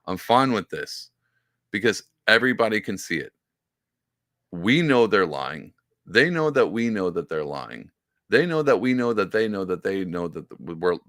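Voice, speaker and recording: This man's voice sits fairly low, captured in clean studio sound without echo. As a podcast host, he comments casually on a clip, animated and heavy on fillers, with mocking impressions.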